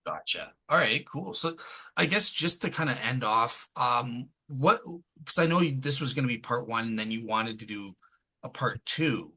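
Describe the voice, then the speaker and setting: A man hosting a casual podcast chat, relaxed and informal. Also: medium pitch, normal speed, husky, rough recording. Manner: relaxed, casual fillers like "all right, cool". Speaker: host.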